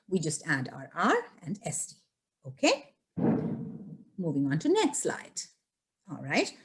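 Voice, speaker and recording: A middle-aged woman teaching an English grammar lesson, patiently checking in with her students. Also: fairly low pitch. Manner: patient, repeats "okay?" and "all right?" to check students.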